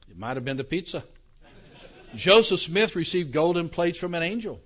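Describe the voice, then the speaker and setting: A man's voice: fairly high pitch, expressive, normal speed, fairly bright tone. Older man lecturing, dull lo-fi sound. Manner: conversational, asks the audience questions, self-deprecating asides. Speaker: theology lecturer. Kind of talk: lecture to a live audience. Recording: dull lo-fi recording.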